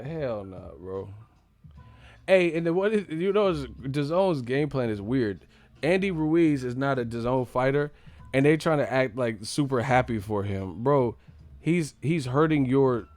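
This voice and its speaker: A young man from the United States, hosting a casual live stream and joking loudly with lots of profanity. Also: medium pitch, no room sound. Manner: loud, profane, joking, laughs a lot.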